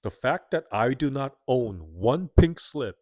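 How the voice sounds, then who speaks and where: A man's voice: mid-range voice, sing-song, unhurried, a little mellow, no echo. A man in his thirties giving a candid, self-critical, earnest confessional monologue to his viewers. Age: 30s. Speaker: vlogger.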